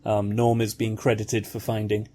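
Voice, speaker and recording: A man's voice: fairly low pitch, monotone, normal speed, mellow. A man hosting a casual podcast, chatting loosely and upbeat with co-hosts. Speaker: podcast host.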